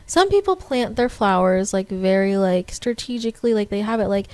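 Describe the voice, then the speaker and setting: A woman's voice: mid-range voice, expressive, moderate pace, darkish tone, no room sound. A young woman co-hosting a podcast, chatting casually and rambling with lots of fillers and restarts. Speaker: podcast co-host. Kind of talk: casual chat.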